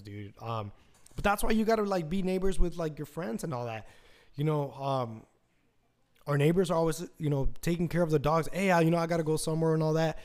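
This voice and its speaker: A man hosting a podcast in a casual, rambling monologue, swearing freely and scattering fillers as he talks. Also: fairly high pitch. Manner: rambling and profane, full of fillers. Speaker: podcast host.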